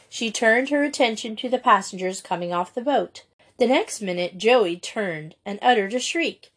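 A woman narrating a children's school story in an even, gentle reading voice. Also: medium pitch. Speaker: audiobook reader.

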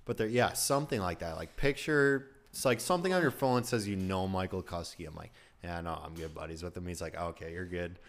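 Deep-voiced young guy on a podcast, laughs a lot telling old bar stories. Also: brisk. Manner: laughing, reminiscing. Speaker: podcast guest, former bar regular. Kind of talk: casual chat.

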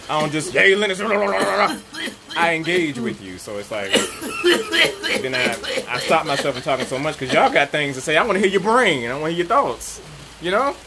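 Animated high-voiced man riffing loosely. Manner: animated, rambling, preachy riffs and sudden chants. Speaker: podcast co-host. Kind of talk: loose comedic banter.

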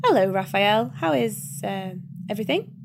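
A woman voicing a fussy, anxious male angel who speaks in a polite, hurried way. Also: mid-range voice, expressive, gravelly. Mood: fretful. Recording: background hiss.

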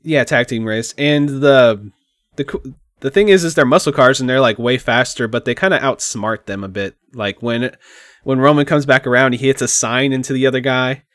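Casual male podcast co-host, rambling movie recap, mid-pitch voice, dry close sound. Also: moderate pace, no room sound. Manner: relaxed, rambling, says "like" often.

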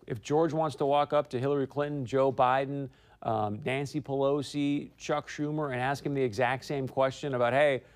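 A male talk show host delivers opinionated political commentary into a studio mic. His voice sits at an ordinary middle pitch. He is emphatic and climbs higher whenever he presses a point. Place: broadcast studio.

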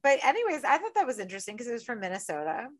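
A woman's voice: on the high side, very animated, racing. Blunt sarcastic woman podcaster. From upstate New York. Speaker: podcast co-host. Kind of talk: casual chat.

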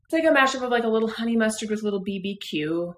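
A woman's voice: on the high side, rapid-fire, slight background noise. Laid-back woman co-host reading messages. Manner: relaxed, laughs often, reads listener messages. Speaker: podcast co-host. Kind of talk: casual chat.

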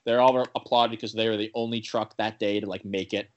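A man's voice: on the low side, a little fast, muffled recording. Rambling young man retelling a show. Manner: rambling, full of "like" fillers and restarts; animated retelling with quoted character lines. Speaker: podcast co-host recapping a TV episode. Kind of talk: casual chat.

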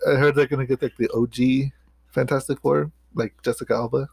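A man's voice: medium pitch, steady tone, brisk, gravelly, a little mellow, breathy edge. A man co-hosting a podcast in casual chat, rambling and hesitant with many restarts. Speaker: podcast co-host.

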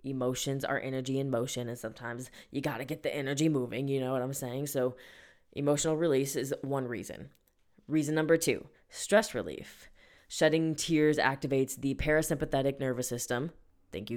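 A woman's voice: a bass voice, steady tone, normal speed. A young woman hosting a solo podcast, talking casually and playfully, often laughing and dropping slang. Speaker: podcast host.

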